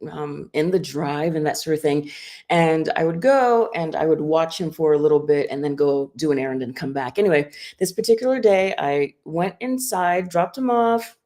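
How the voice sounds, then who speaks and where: Woman, middle-aged, low voice, casual storytelling, filler words. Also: dark tone. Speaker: guest. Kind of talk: casual live-stream chat.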